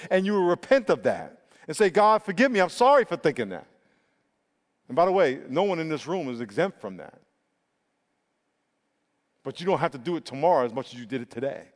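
A male pastor preaching a sermon with emphatic, drawn-out stresses and repeated words. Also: high voice, animated, a little mellow. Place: church sanctuary. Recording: long reverb of a large hall.

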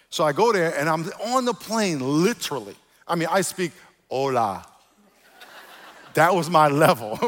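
Animated pastor preaching in a reverberant hall. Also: male voice, fairly high pitch. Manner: animated, swings from quiet asides to loud emphatic calls. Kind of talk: sermon.

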